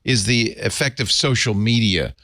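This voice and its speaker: A man hosting a tech talk show, steering the conversation in an animated way. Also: fairly low pitch, normal speed, no room sound, studio quality. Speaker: host. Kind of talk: casual chat.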